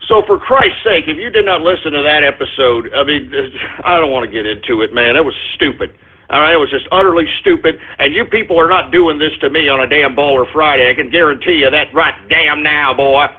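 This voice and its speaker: A man's voice: fairly high pitch, fairly quick, few pauses, slightly rough. A man hosting a talk radio show, ranting at callers in a profane, exasperated way. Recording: tinny phone-like line.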